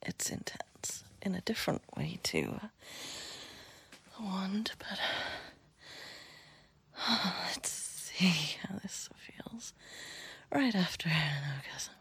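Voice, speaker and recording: A woman speaking in a soft, breathy whisper in a private monologue, sighing and giggling between phrases. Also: fairly low pitch, expressive, takes it slowly. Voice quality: husky, breathy.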